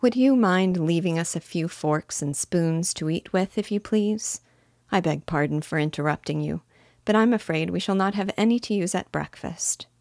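A woman's voice: lowish voice, normal speed, darkish tone, no room sound, studio quality, lightly acted. A woman voicing an earnest, polite little girl who speaks primly. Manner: prim and polite.

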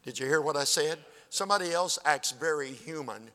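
A man in his seventies preaches a storytelling sermon in a voice on the high side, pushed and bright, a little fast with lively intonation and few pauses. He's a folksy, plainspoken pastor who acts out exchanges, recorded with the reverb of a church sanctuary.

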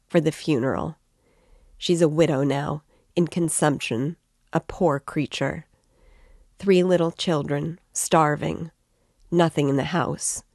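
A bitter, feverish young student speaks in a low, close voice, as a woman reads him aloud. He sounds sarcastic and brooding, and the recording is dry and intimate. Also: darkish tone, dry recording. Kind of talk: reading a novel aloud.

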